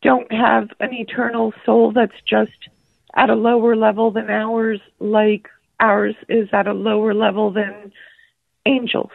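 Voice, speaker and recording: A woman calls in to a radio show and asks her question in a hesitant, earnest way. Her voice is gravelly and fairly flat. It comes through a tinny phone line. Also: a little high, measured pace, no room sound. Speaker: caller.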